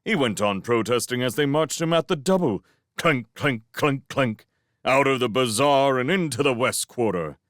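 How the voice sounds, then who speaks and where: A man reading a novel aloud as a fan audiobook, with expressive storytelling. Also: medium pitch, normal speed, few pauses, no room sound, clean studio sound. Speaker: reader of a novel.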